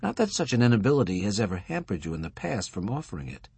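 A bitter, defiant older wife, played by a man reading aloud. She speaks quietly, clipped and cutting. Her voice is husky and dry. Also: on the low side, big pitch swings, quick pace, no room sound, full character voice.

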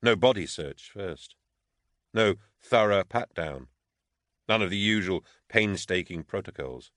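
A man narrating an audiobook in a measured, steady way. His voice is deep and low. The recording is close and completely dry. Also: dry recording. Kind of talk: scripted narration.

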